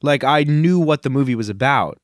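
A man's voice: mid-range voice, brisk, no room sound, studio quality. A man co-hosting a casual comedy podcast. He talks in an earnest, rambling way and drifts into grand speeches for laughs. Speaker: podcast co-host.

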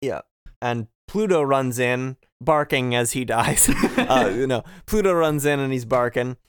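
A man's voice: medium pitch, a little slow, clear, resonant tone, no room sound, studio quality. A man co-hosting a casual podcast, recapping a video game from his notes, joking and laughing often. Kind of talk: casual chat. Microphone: close podcast mic.

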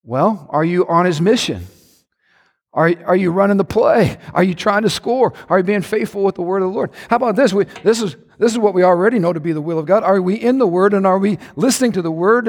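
A man preaching a sermon as pastor, energetic and playful, leading his congregation in prayer. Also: high-pitched. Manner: energetic, preaching with sports play-by-play. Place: church hall. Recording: long hall reverb.

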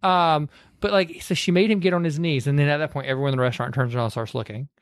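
A man's voice: on the high side, steady tone, quick pace, no room sound, studio quality. A man co-hosting a podcast, casually retelling movie scenes and acting out the lines, with many fillers. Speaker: podcast co-host. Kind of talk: casual movie recap chat.

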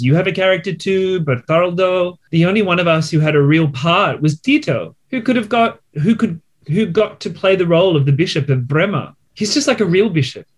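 A man rehearsing lines for a play in long, rambling, theatrical speeches. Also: high voice. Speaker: actor in a rehearsal. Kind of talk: theatrical line reading in rehearsal.

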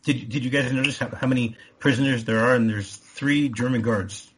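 A man's voice: medium pitch, fairly even intonation, moderate pace, fairly bright tone, slight background noise. A man co-hosting a podcast, rambling a little with frequent restarts. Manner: rambling, many restarts and laughs. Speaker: podcast co-host. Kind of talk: casual podcast chat.

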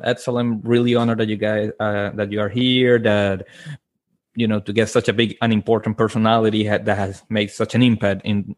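A man on a casual podcast, speaking in an earnest, enthusiastic way. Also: fairly low pitch. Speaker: podcast co-host.

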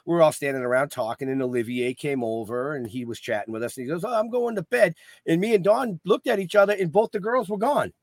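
Ein Mann, der als Gastgeber locker plaudert und seinen Gast neckt. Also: male voice, fairly high pitch, animated, fast talker, no room sound. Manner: joking, teasing. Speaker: podcast host. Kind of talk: casual chat.

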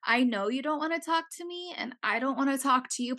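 A woman co-hosting a casual podcast, her voice sitting a little high. She talks expressively, swears and acts out quotes from other people. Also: lively intonation, fairly quick, few pauses, bright, forceful tone. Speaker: podcast co-host. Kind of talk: casual chat.

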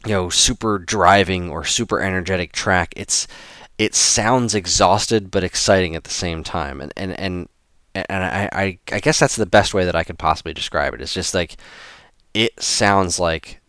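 A man's voice: deep voice, moderate pace, a bit bright, clean tone, dry recording, clean studio sound. A man hosting a show on video game music, talking casually with many restarts and open enthusiasm. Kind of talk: casual spoken commentary.

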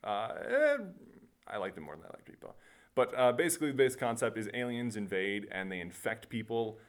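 A man's voice: on the low side, big pitch swings, a little fast. A man co-hosting a casual podcast chat, rambling and laughing through movie anecdotes with lots of fillers. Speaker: podcast co-host.

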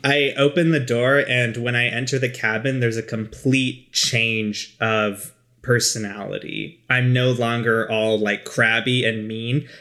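A man's voice: medium pitch, little pitch movement, measured pace, pushed and bright. A man playing a tabletop role-playing game, casually describing what his character does. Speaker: player.

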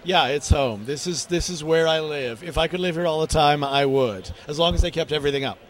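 A man giving casual interview answers with dry, self-deprecating wit. His voice sits slightly high. A faint background noise hums behind him. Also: a little fast. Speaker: guest interviewee.

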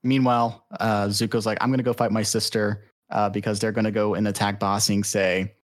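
A man's voice: lowish voice, level tone, a little fast. A man on a podcast, retelling a cartoon plot in rambling casual chat with lots of fillers and some swearing.

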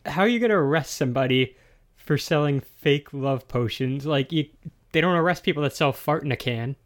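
A man's voice: fairly high pitch, moderate pace. A man co-hosting a podcast, chatting casually in a laid-back, wry, questioning way. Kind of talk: casual chat.

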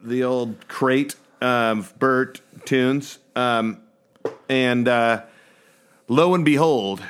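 A man co-hosts a comedy podcast at an unhurried, plodding pace. He talks in a halting, deadpan way and keeps stalling on filler sounds mid-sentence. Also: mid-range voice, a little hiss or hum. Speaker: podcast co-host.

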